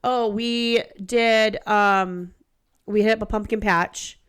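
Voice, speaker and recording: A woman's voice: mid-range voice, fairly even intonation, slow, fairly bright tone, smooth. A woman in her thirties co-hosting a podcast, telling a story in casual, profane chat and acting out the people she quotes. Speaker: podcast co-host.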